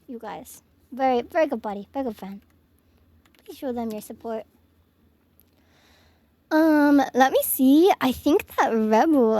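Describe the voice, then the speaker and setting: A woman's voice: high-pitched, darkish tone, no echo. A young woman streamer signing off from her home office, gushing and giggly as she thanks her chat. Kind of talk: casual stream sign-off chat.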